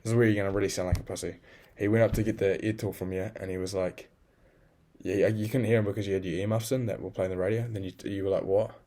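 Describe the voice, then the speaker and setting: Guy ranting at himself in a diary vlog, kinda low voice, lots of swearing. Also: fairly even intonation, fast, dark tone. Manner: scolds himself in the second person; blunt and profane. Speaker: video journal keeper. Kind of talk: casual self-talk journal.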